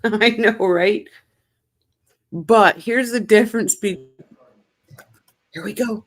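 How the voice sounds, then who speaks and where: A woman's voice: mid-range voice, takes it slowly. A woman from Canada hosting a livestream, chatting casually and reading viewer comments aloud. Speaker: livestream host. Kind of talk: casual chat reacting to a live court stream.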